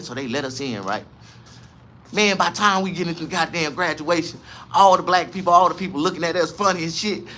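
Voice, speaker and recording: A man from the South, telling a comedic story in a casual, profane, animated way. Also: high-pitched, a little hiss or hum. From American South.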